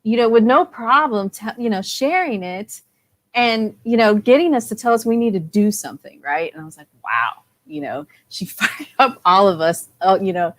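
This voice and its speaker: A woman from Texas telling an excited story in a casual chat, with lots of fillers. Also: mid-range voice, moderate pace, no room sound. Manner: enthusiastic, full of fillers, laughing often. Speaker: parent delegate guest.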